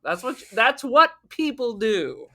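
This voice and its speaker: A woman co-hosting a podcast in casual chat, blunt and swearing, tossing in quick silly voices. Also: on the high side, sing-song, a bit bright. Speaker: podcast co-host. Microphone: remote podcast mic.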